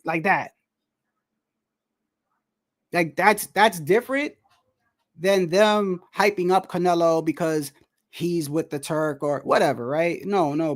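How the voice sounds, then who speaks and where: A man, a boxer, chatting casually about a fight, animated and laughing, saying "bro" a lot. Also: high-pitched. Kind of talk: casual fight commentary chat.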